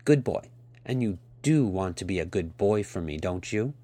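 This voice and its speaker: A man's voice: deep voice, expressive, normal speed, mellow. A man voicing a cool, stern and commanding woman as he reads a story aloud, giving clipped orders.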